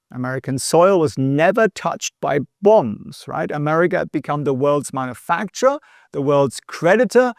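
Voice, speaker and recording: A man's voice: a little high, no room sound, studio quality. A man hosting an explanatory history lesson in a chatty way, with joking asides and frequent tag questions. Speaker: host.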